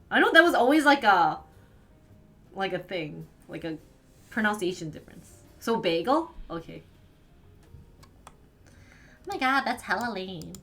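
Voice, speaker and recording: A young woman streamer from the northern United States, chatting casually with her viewers, giggly and full of "like". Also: medium pitch. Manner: chatty, giggly, fills talk with "like". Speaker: live streamer. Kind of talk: casual chat with live viewers.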